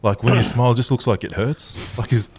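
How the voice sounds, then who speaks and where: A man's voice: mid-range voice, fairly even intonation, a little fast, darkish tone, breathy edge. An Australian man co-hosting a podcast, laid-back and teasing, laughing often. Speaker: podcast co-host. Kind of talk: casual banter podcast.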